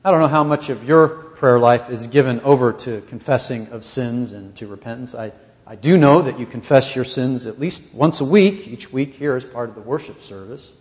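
A man's voice: medium pitch, moderate pace, a little mellow, big-room sound. A man preaching a sermon as pastor of a church, earnest and pressing his points with rising emphasis.

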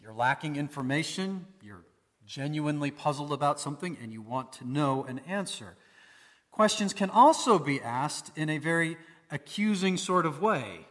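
A man's voice: on the high side, lively intonation, normal speed, a bit bright, long reverb tail. A man preaching a sermon in a conversational way, posing rhetorical questions to his listeners. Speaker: pastor.

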